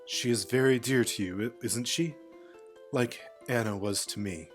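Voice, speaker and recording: A man voicing a gentle, grieving young prince in a fantasy game, soft and subdued. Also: medium pitch, moderate pace, faint music behind, lightly acted.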